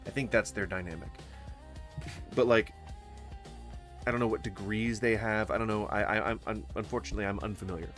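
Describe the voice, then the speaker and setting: A man giving casual reaction commentary, rambling with halting restarts and blunt skeptical asides that include swearing. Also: fairly low pitch, steady tone, fairly bright tone, soft background music. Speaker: commentary streamer reacting to a paranormal podcast.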